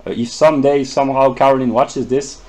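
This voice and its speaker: A man giving an unscripted lecture, pausing often with fillers and restarting his sentences. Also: mid-range voice, steady tone, a little mellow. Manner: halting, many fillers and restarts. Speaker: lecturer explaining a chart.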